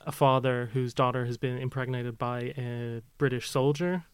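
A man co-hosting a podcast, rambling through film talk in a relaxed chat. His voice is mid-pitched and recorded very dry, close and without room sound. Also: moderate pace, smooth, dry recording. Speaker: podcast co-host.

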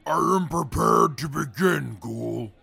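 A man voicing a pompous male mutant field reporter who calls himself a genius, speaking stiffly and formally in a gravelly, raspy voice. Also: medium pitch, slow pace, pushed and bright, exaggerated voice. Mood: haughty. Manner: stiff formal speech, barked questions. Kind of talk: audio drama acting.

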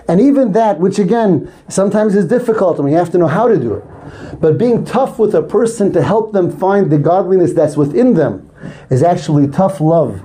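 A man delivering a sermon in a high, soft, mellow voice. He tells stories earnestly and pushes his pitch up on the words he wants to stress. The tone is warm and unhurried. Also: animated. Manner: earnest storytelling, rising emphasis on key words. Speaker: rabbi.

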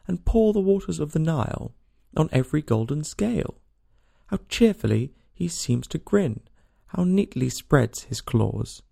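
A man's voice: medium pitch, creaky, dark tone, heavily acted. A man reading a storybook aloud and voicing a small curious girl who talks to herself in a rambling, worried way. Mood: reciting.

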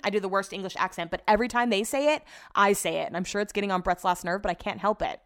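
A woman's voice: medium pitch, fast talker, few pauses, fairly bright tone, smooth. A woman hosting her podcast alone, rambling in casual chat and swearing now and then. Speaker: podcast host.

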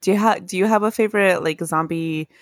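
A woman's voice: fairly low pitch, quick pace, dry recording, clean studio sound. A woman co-hosting a casual spooky podcast, telling stories with laughter and acted-out voices. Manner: animated, laughs often, acts out quoted voices. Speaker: podcast co-host. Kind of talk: casual chat, storytelling.

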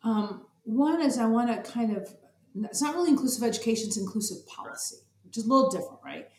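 A woman's voice: on the high side, expressive, fast talker, darkish tone, reverberant. A woman talking about special education policy in an interview, earnest and emotional, often repeating words as she speaks. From Arizona. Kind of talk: interview conversation.

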